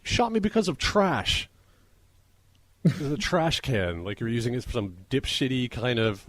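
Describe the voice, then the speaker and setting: A man's voice: medium pitch, expressive, normal speed, a bit bright, dry recording. A man co-hosting a casual comedy podcast, reading odd news aloud and laughing often. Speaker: podcast co-host.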